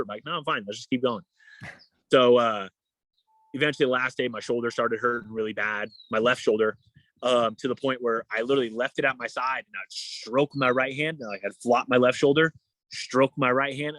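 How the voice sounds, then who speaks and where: A man's voice: mid-range voice, dry recording. A young adult man, a guest in a casual interview, telling a story and acting out the voices of the people in it. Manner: animated, acts out quoted dialogue. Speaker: guest, endurance athlete.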